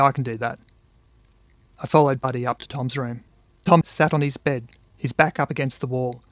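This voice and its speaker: A man reads his own short story in a mid-pitched voice, the recording dry and close. He lifts his voice sharply when quoting the boys' yelling. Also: no room sound. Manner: acts out children's shouts. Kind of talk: first-person story reading.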